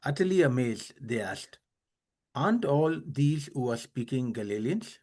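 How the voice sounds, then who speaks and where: A man in a Bible study group reading scripture aloud in a steady, plain voice. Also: mid-range voice, unhurried.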